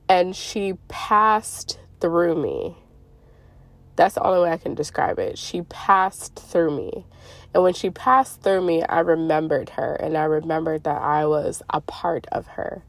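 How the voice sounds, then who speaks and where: A congested woman telling a long, rambling story in a casual monologue, full of fillers and slow stretched words. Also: fairly low pitch, no echo. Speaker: spiritual YouTuber. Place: Arizona.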